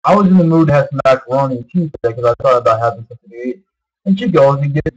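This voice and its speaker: A man's voice: medium pitch, rapid-fire, a little mellow, breathy edge, dull audio. A man in his early thirties talking in a rambling, casual monologue to his viewers, full of fillers and repeats. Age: 30s. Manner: meandering, repeats himself, many fillers. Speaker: vlogger.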